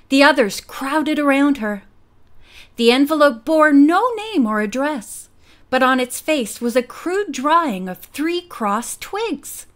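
A woman reading a girls' mystery novel aloud as an audiobook narrator, gently giving each character a voice. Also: sits high.

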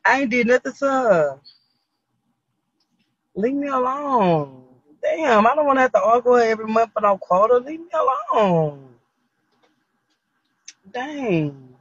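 A man's voice: extremely high pitch, animated, normal speed, fairly bright tone, breathy edge, no echo, highs cut off. A man hosting a casual livestream chat, complaining over and over in an exasperated way and laughing often. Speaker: livestream host.

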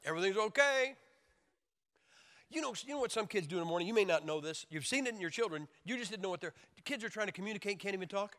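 A man preaching a sermon in an emphatic, joking way, now and then mimicking wailing babies with high shouts. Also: animated, rapid-fire, few pauses. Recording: long hall reverb.

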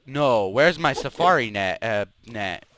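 A man's voice: mid-range voice, animated, unhurried, a bit bright, no room sound. A young man hosting a Minecraft let's play, grumbling, swearing and trash-talking the mobs as he plays. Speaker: gaming channel host.

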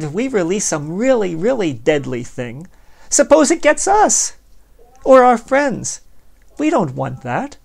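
The voice is male, fairly high, fry-laden and darkish in tone. As a podcast host he speaks directly to his audience, sardonically rambling through philosophical musings and playing both roles in a dialogue he invents, all in a conversational manner.

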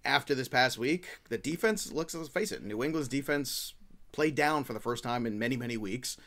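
A man hosting a casual fantasy football podcast chat, brisk and teasing his co-hosts. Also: mid-range voice, lively intonation, a bit bright. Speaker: podcast host.

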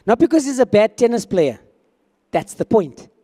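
A man's voice: high voice, big pitch swings, moderate pace, mellow, long reverb tail. A man preaching a sermon as pastor, talking conversationally and acting out quoted dialogue.

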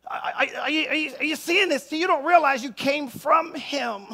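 A male pastor preaches in a very high, bright voice with a gravelly edge. He calls out to the congregation and pushes them to answer back. He often climbs into full shouts. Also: normal speed. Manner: call-and-response preaching, shouting at peaks. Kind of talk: sermon. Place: church sanctuary.

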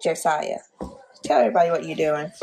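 A woman's voice: low voice, lively intonation, fairly quick, vocal fry, darkish tone, slight background noise, rough recording. A young woman vlogging at home, telling an emotional, faith-filled story in casual chat.

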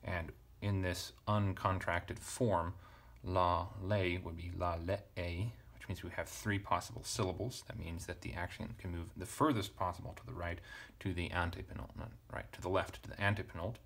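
A man teaching ancient Greek grammar at a relaxed pace, thinking aloud and correcting himself with casual asides. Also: low-pitched, fairly quick, gravelly, hardly any pauses. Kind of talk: relaxed verse-by-verse parsing lesson.

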